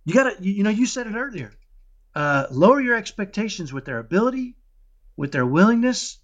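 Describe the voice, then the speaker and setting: A man talking casually in an interview about raising his son, animated and often checking in with "right?". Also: high-pitched, fairly quick, dull audio. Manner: animated, keeps asking "right?"; acts out dialogues with his son. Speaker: parenting guest.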